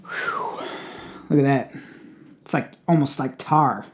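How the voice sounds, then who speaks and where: A man casually reviewing a hot sauce on his channel, blunt and profane, with loud exclamations. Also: fairly high pitch, wildly swooping pitch, extremely slow, slight background noise.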